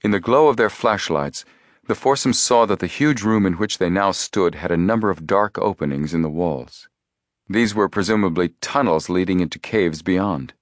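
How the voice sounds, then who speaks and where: A deep-voiced man narrates an audiobook from a script in a measured, steady storytelling manner. The studio sound is clean, with no room sound.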